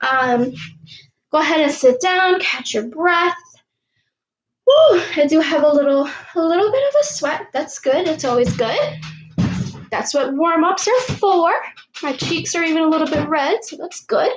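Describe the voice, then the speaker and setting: A woman coaching young girls through an online warm-up and lesson, counting aloud in an upbeat way and calling herself by name in the third person. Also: sits high, expressive, unhurried, faint music behind. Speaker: youth sports coach. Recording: echoey room.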